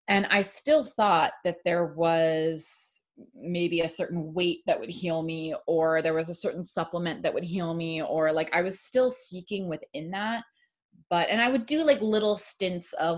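A woman's voice: lowish voice, normal speed. A woman author chatting as a podcast guest, rambling with many "like"s and restarting her sentences. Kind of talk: casual podcast chat.

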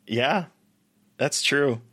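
Male co-host, mid-pitched, easygoing chatty banter. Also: very slow, sharp tone. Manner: chatty, laughs easily. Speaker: podcast co-host. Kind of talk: casual podcast chat.

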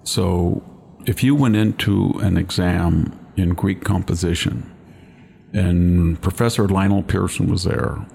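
An older man with a very low, heavily gravelly voice hosts a commentary chat. He lectures emphatically and drifts into long personal anecdotes. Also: fairly even intonation, takes it slowly, warm tone. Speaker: podcast host.

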